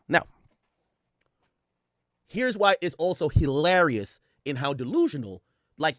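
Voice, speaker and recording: A man's voice: sits high, sharp tone, dry recording, studio quality. A man hosting a reaction commentary, ranting with profanity and repeating his points for emphasis. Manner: repetitive, emphatic. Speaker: host.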